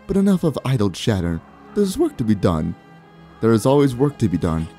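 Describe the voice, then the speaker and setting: Man doing a soft, sly old witch. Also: mid-range voice, wildly swooping pitch, brisk, faint music behind. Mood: musing. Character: cryptic old female witch, sly and menacing. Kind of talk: voicing game dialogue.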